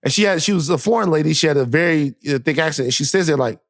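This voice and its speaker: A man co-hosts a casual podcast and spins a story with lively energy, acting out every quoted line. His voice sits a little high for a man. The sound is dry and close, with no room at all. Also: quick pace, dry recording. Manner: animated storyteller, acts out quotes. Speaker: podcast co-host.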